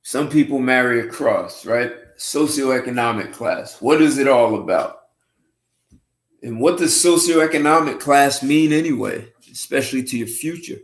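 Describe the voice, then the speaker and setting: A man hosts a casual livestream and thinks out loud in an unhurried way. He restarts his sentences and clears his throat often. His voice has a middle pitch and a roomy echo around it. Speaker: host.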